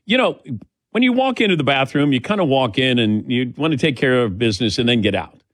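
A man's voice: mid-range voice, fairly quick, no room sound, clean studio sound. Sports radio guy hosting, joking around with the crew, voice bounces all over. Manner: jokey, lively banter, takes calls. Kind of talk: casual sports talk radio. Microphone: studio mic.

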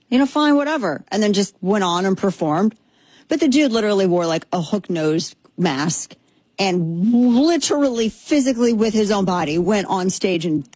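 A mid-range female voice with no echo comes from a Texas woman in her thirties who hosts a casual opinion show. She's sarcastic and lively, repeating herself for effect, and records on a headset mic.

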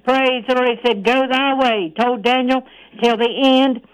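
A woman preaching a radio sermon, breaking every phrase with "praise the Lord" and reading scripture slowly. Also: high-pitched, fairly even intonation, clean tone, low-quality recording. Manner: reads scripture aloud in a slow, measured voice.

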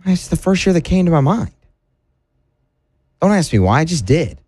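A man's voice: fairly high pitch, sing-song, normal speed, darkish tone, slightly rough, no room sound. A man co-hosting a casual sports radio show, easygoing and playful, bantering with his partner.

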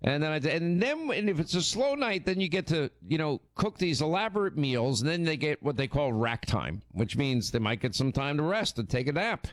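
Male radio host, animated teasing banter, very lively pitch, dry close studio sound. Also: normal speed, few pauses, no echo. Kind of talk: casual on-air chat.

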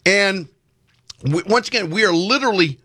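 A high-pitched man co-hosts a casual podcast chat at normal speed, recorded cleanly in a studio with no room sound. He tells a long story with animation, performing the quoted dialogue.

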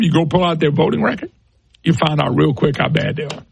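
A man's voice: a little high, fairly quick, gravelly, husky, no room sound. A middle-aged man hosting a political talk radio show, ranting scornfully and firing off rhetorical questions.

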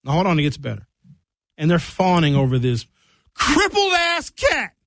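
A man hosting a talk radio show from a studio, ranting in an opinionated monologue and mocking people with high comic voices. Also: brisk, gravelly, a little mellow, no echo.

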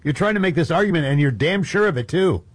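A man's voice: on the high side, lively intonation, fast, no echo. A man co-hosting a talk radio show, trading casual, scoffing banter and reading news stories. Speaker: co-host.

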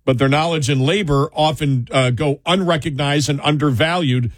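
A man's voice: fairly high pitch, moderate pace, dry recording, studio quality. A man co-hosting a talk show, reading from a study and adding sardonic jokes. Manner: sardonic, joking.

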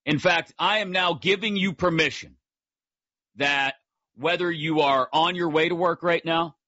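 A bright, forceful male voice hosting live sports talk radio, energetic and full of quick jokey asides. The sound is dry and close on a studio mic, with slightly dull broadcast audio. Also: on the high side, dry recording.

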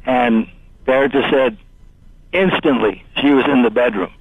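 A man calling into a radio show, telling a ghost story in a halting, hesitant way. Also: medium pitch, breathy edge, dry recording. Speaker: caller. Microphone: telephone. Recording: dry phone line.

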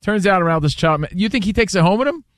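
A man co-hosting a casual chat show, telling a story with lively acted-out bits. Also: high voice, fast, dry recording, studio quality. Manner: animated storyteller, acts out voices. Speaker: co-host.

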